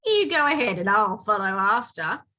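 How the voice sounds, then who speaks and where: A woman voicing a big, slow, gullible male monster in a storybook reading, drawing out the words. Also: mid-range voice, big pitch swings, pushed and bright. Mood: ponderous. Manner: slow and drawn-out.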